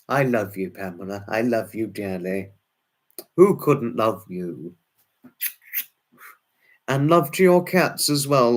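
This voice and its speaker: Slow, rambling man streaming. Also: medium pitch. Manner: rambling, fussy, with many restarts and exclamations. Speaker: live streamer. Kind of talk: casual chat answering viewers.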